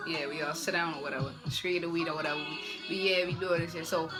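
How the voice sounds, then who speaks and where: A young woman telling a casual storytime, animated and slangy, punctuating with "boom". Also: quick pace, loud music behind the voice. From Baltimore.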